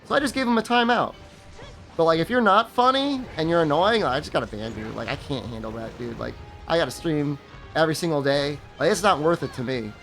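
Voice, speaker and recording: A man's voice: on the high side, brisk, a bit bright, soft background music. A young man streaming a game, chatting casually with his viewers in a rambling, sarcastic way and laughing at his own jokes. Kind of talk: casual live-stream chat while gaming.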